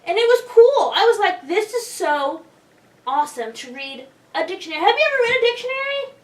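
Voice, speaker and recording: A woman with a very high, girlish-pitched voice rambles excitedly and naively through a comedy sketch. She sounds set back from the microphone, and the room adds a clear echo. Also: brisk. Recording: roomy and distant from the mic.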